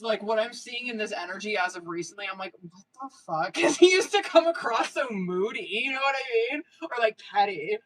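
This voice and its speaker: A woman's voice: mid-range voice, a bit bright, low-quality recording. A woman giving tarot readings on a casual live stream, slangy and profane, laughing often and calling viewers girl and boo. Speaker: tarot reader.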